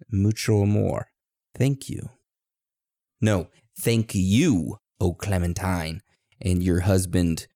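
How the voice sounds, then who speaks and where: Podcast co-host, male, low and gravelly, mellow tone, dry close sound, playful review reader. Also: no room sound. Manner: playful, joking, goes off on silly tangents. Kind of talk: casual chat reading listener reviews.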